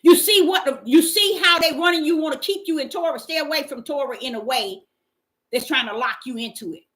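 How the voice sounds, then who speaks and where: Fairly bright and high-pitched, this woman speaks a little fast. She's delivering a fervent, informal sermon in street-preaching style, reading from the Bible and calling out exclamations for response.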